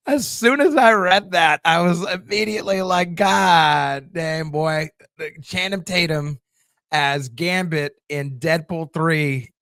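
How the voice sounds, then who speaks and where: Man, higher voice, dry close sound, loose rambling talk, TV review host. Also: slow pace, pushed and bright, dry recording. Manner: loose, chatty, many fillers and restarts. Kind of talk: casual commentary on viewer comments.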